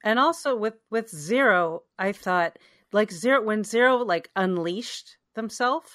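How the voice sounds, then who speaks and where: A woman on a podcast, speaking in an animated way and acting out lines as she describes a scene. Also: mid-range voice, a little slow, no echo, clean studio sound. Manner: animated, acts out quotes. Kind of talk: casual discussion.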